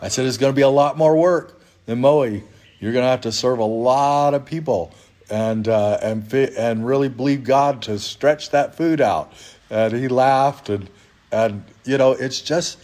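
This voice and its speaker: A man giving an informal spoken appeal about his ministry, halting with many restarts and growing emotional. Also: medium pitch, darkish tone. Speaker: ministry leader. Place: hotel in Uganda.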